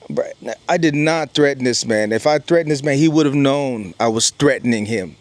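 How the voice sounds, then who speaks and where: A man's voice: mid-range voice, moderate pace, no echo. Emphatic middle-aged man telling a story. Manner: animated, emphatic, repeats words like "man" and "bro". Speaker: vlogger, storyteller. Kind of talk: casual storytelling monologue.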